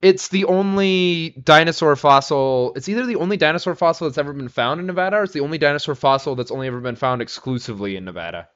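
A man's voice: on the high side, fast, few pauses, fairly bright tone, smooth, lo-fi sound. A man co-hosting a podcast in casual chat, teasing and swearing, a bit tipsy from tequila. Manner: profane, teasing banter. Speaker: podcast co-host.

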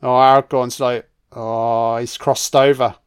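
Male film commentator, laid-back and foul-mouthed, clean smooth voice. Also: mid-range voice, measured pace. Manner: swears freely, reacts excitedly to the action.

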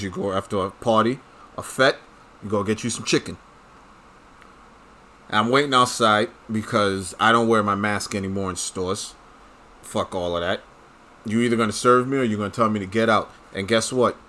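A man's voice: fairly low pitch, moderate pace, long pauses, a bit bright. A man talking straight to his audience in a casual, blunt and profane rant, full of strong opinions. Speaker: commentator. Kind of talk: casual ranting monologue.

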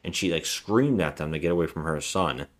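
A man's voice: deep voice, animated, brisk. A man co-hosting a casual film review podcast, animatedly retelling scenes and acting out the lines. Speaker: podcast co-host.

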